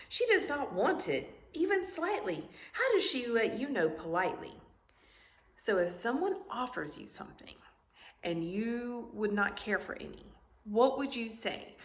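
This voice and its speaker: A woman teacher reading a picture book aloud to young students, asking them questions in an animated, sing-song way. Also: medium pitch, reverberant.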